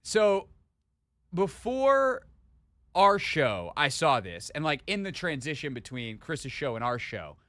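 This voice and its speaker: A man's voice: fairly high pitch, sing-song, slow, fairly bright tone, no echo. A man hosting a sports radio show, telling a story in casual chat and building into mock indignation. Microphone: studio microphone.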